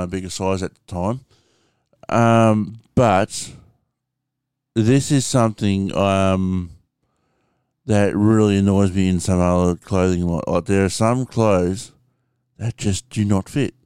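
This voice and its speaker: Aussie guy rambling slow to camera, lowish voice, super clear and dry, lots of ums and swearing. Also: darkish tone, no room sound. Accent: Australian. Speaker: vlogger. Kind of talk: casual rambling monologue. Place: room at home with window open.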